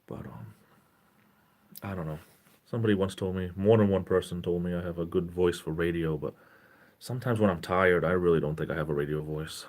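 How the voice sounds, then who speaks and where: Man in his forties, very low voice, gentle caring tone, rambling live stream chat. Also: fairly quick. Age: 40s. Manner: rambling, self-interrupting, greets chat viewers.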